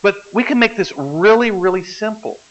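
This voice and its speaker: A man's voice: sits high, animated, normal speed, a bit bright. Man lecturing biology on dull recording. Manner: explains step by step, keeps checking the class follows. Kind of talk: classroom lecture. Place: lecture hall.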